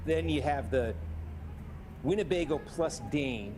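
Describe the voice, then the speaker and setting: A man giving live election results commentary, measured and halting as he thinks aloud. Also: a little high, lively intonation, crowd noise. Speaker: election analyst. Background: hosts chatting over the broadcast.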